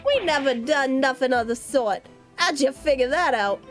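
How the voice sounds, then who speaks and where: A woman's voice: high-pitched, animated, normal speed, faint music behind. Woman doing shifty Cockney petty crooks. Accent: Cockney put-on. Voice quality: rough street slang. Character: two scrappy Cockney brothers, petty thieves.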